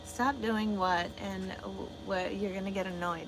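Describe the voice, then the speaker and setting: Woman trucker livestreamer, blunt and profane, mid-pitch, noisy background. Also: steady tone, measured pace. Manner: blunt, swears a lot, talks back to chat. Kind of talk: casual livestream chat reading comments.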